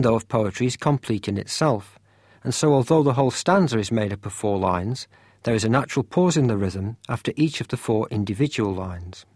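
A man giving scripted educational narration as a course lecturer, with a measured and clear explanatory delivery. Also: mid-range voice, no echo, clean studio sound.

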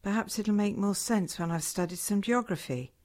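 An actress playing a middle-aged wife, defensive and determined. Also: female voice, medium pitch, moderate pace, darkish tone, close to an everyday voice.

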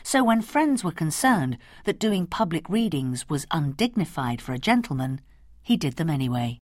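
A woman presenting a documentary in measured, expressive scripted narration. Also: sits low, dry recording, clean studio sound.

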